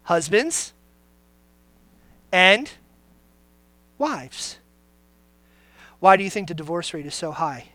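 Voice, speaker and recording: A pastor preaching a sermon in a conversational, joking way, putting questions to the congregation and dropping low and grave for serious points. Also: sing-song, takes it slowly, long pauses, fairly bright tone, no room sound.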